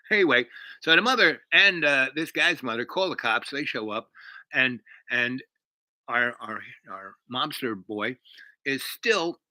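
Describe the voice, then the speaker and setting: A man's voice: medium pitch, pushed and bright, no echo, low-quality recording. Man rambling through a story. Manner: rambling, many fillers and restarts. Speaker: host. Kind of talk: casual storytelling.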